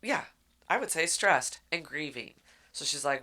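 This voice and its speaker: A woman co-hosting a podcast, recapping a book in animated casual chat and acting out voices. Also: low-pitched, unhurried. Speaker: podcast co-host.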